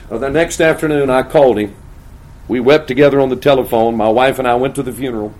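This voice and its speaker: A man preaching a sermon, swinging between hushed, intimate asides and loud, emphatic declarations. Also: mid-range voice, slight background noise, rough recording. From United States. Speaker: pastor.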